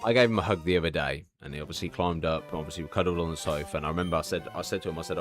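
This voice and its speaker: A young man with a very deep voice talks openly while streaming, swearing freely as he confides. Faint music plays underneath him. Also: racing. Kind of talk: casual live-stream chat.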